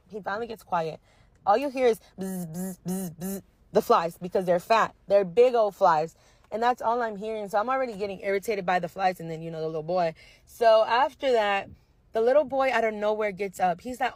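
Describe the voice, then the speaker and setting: A young woman nail technician casually telling a storytime about a difficult client, animated and slangy. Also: medium pitch, a little fast, no echo. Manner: animated, slangy retelling with quoted dialogue.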